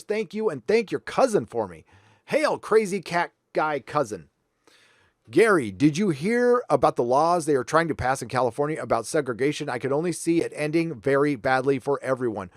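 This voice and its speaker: A man's voice: on the high side, dry recording, clean studio sound. A man hosting a livestream, reading viewer donations aloud with blunt, profane, sarcastic asides. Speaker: livestream host.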